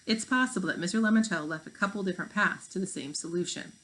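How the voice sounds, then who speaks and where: A woman's voice: fairly low pitch, quick pace, a bit bright, natural voice. A woman voicing a laid-back young boy, talking casually and offhandedly. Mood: offhand.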